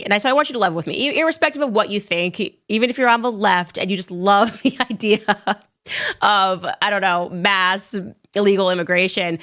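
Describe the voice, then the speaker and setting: A woman hosting a casual commentary show, talking in a sarcastic, animated way and laughing as she talks. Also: medium pitch.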